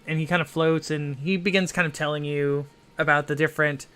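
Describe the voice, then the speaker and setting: A man's voice: on the high side, steady tone, fairly quick, pushed and bright. A man narrating as game master of a tabletop game, rambling with many fillers and hedges.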